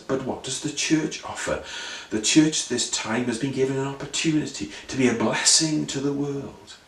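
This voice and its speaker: A man preaching an earnest sermon full of rhetorical questions and repeated phrases. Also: mid-range voice. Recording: roomy sound, voice from a distance.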